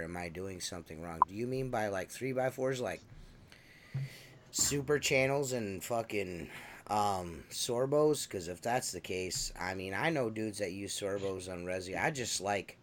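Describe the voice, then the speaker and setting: A man's voice: fairly low pitch, measured pace, slight background noise. Teasing, profane podcast guy. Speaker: podcast co-host. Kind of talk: casual chat.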